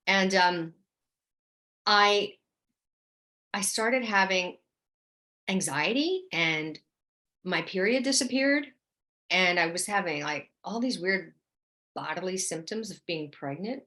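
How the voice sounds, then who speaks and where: A middle-aged woman and actress, chatting casually as an interview guest about her experiences, animated and quick to act out what people said. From New Orleans. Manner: chatty and animated, acts out quoted lines with a higher voice.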